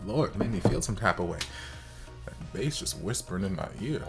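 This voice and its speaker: A man hosting a reaction video in casual, campy commentary, leaping into high exaggerated exclamations. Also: very animated, normal speed, vocal fry, over music.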